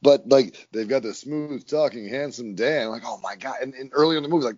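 A man co-hosting a podcast in casual chat, excitable and interrupting, swearing freely. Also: medium pitch, quick pace, few pauses, dry recording, dull audio. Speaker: podcast co-host.

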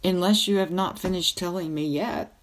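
A woman's voice: fairly low pitch, moderate pace, natural voice. A woman doing an eager young boy. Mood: puzzled. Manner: eager, apologetic.

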